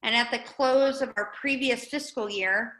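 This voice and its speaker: A woman's voice: a little high, moderate pace, a bit bright, roomy sound, poor audio. A woman giving an earnest, conversational update as a guest speaker at a community meeting. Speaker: guest speaker, nonprofit director. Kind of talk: informal update talk at a meeting.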